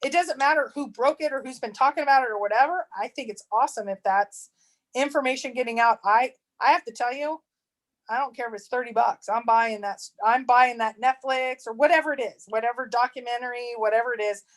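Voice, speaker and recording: A woman co-hosting a casual livestream chat, rambling with restarts and quick to laugh. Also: on the high side. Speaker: treasure hunt channel co-host.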